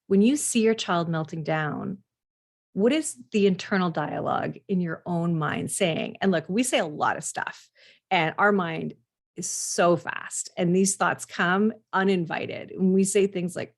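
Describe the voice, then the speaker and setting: Woman, parenting coach, earnest, direct address, mid-pitched voice. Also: animated, a little slow. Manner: earnest, speaks straight to the listener. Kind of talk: direct advice talk to parents.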